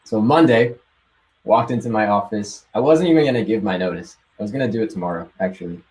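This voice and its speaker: A young man with a lowish voice tells his story in a loose, excited rush, laughing often and dropping casual swears. He sounds like he's chatting on a live call with friends. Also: fast, rough recording. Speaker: guest sharing success story.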